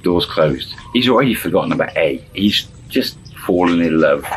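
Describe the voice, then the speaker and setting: A man's voice: low voice, animated, normal speed, slight background noise, low-quality recording. A man telling a story in a casual spoken style, chuckling and acting out the dialogue in shifting voices. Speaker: storyteller channel host.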